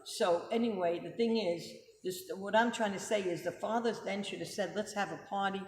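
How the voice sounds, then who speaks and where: A woman's voice: mid-range voice, normal speed, a little mellow. Emphatic middle-aged woman, echoey room. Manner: emphatic, rhetorical questions, checking with listener. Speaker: host. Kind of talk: casual religious commentary. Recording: echoey room with background noise.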